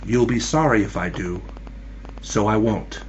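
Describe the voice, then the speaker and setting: A man doing a hushed, secretive young bride. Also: on the low side, measured pace, dull audio, crowd noise, pitched below the performer's own voice, close to an everyday voice. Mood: quiet, ominous. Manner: hushed, flat, quiet replies. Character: young woman, quiet, sad, secretive bride. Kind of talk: spooky storytelling.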